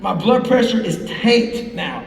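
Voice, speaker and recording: A man's voice: high voice, animated, slow, vocal fry. A middle-aged man telling a profane, intense story to a live audience as a motivational speaker. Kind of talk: live storytelling talk on stage. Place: large hall with a live crowd. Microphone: stage speech heard from the crowd on a fan's camera. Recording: roomy, far-off hall recording from the crowd.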